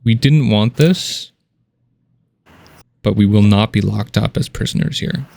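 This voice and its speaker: A calm mage speaks slowly and gravely, as a game master voices him. His low voice has a gravelly edge. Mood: solemn.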